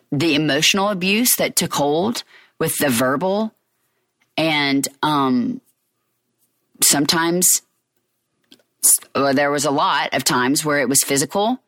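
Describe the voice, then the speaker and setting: Middle-aged mom venting on her vlog, low voice that swings up and down a lot, dry close sound. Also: fairly bright tone, no room sound. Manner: candid, repetitive, gets fired up. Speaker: divorced mother sharing her story. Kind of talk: personal testimony vlog.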